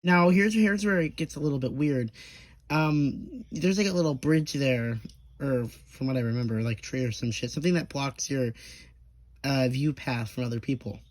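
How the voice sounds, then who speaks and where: Mid-range in pitch and moderate in pace, with no echo, the young man tells his story casually and profanely, rambling and repeatedly stammering or starting over. Quoted people get acted out in short bursts.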